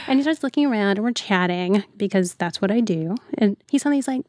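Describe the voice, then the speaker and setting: A woman's voice: mid-range voice, animated, fast, few pauses, a little mellow, no echo. Chatty woman telling stories, dry sound. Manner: chatty storyteller, many "like" fillers. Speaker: culture writer, podcast guest. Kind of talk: casual interview chat.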